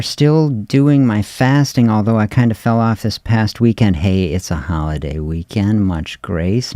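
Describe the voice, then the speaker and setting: Middle-aged man, low voice, easygoing rambling vlog host, dry close sound. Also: dry recording. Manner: relaxed, rambling, reflective with frequent fillers and soft laughs. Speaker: fasting vlogger. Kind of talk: casual talking-head vlog.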